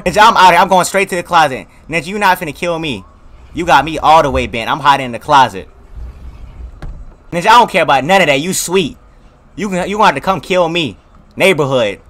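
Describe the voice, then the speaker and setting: A man giving let's play commentary, reacting loudly and jumpily as he jokes in slang. His voice sits a little high, with a bright, forceful edge. His pitch swings wide between cracks and drops. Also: lively intonation, quick pace. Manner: loud, jumpy, joking reactions full of slang. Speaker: gaming video creator.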